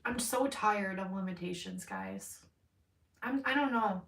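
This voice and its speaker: A woman's voice: medium pitch, wildly swooping pitch, unhurried, creaky, fairly bright tone. A woman doing a live-streamed tarot card reading, chatting in a rambling, candid way, swearing freely and laughing often. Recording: roomy sound from a mic at a distance.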